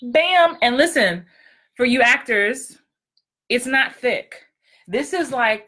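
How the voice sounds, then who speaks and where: Excitable bright-voiced woman coach. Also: medium pitch. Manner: excitable, upbeat, talks straight to viewers. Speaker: acting coach and author. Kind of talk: casual livestream chat.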